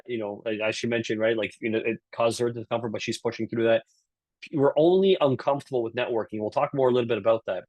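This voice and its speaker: A man with a Canadian accent speaks quickly and with energy, leading a live online session. His voice sits at an ordinary middle pitch. The sound is dry and close, with no room around it. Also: no echo. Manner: energetic, frequent "right?" tag questions. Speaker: career speaker at a virtual session.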